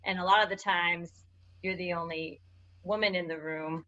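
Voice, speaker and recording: A woman telling a personal work story in casual chat, halting with many restarts. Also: lowish voice, fairly even intonation, bright, forceful tone. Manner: hesitant, many fillers and restarts. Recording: dull lo-fi sound.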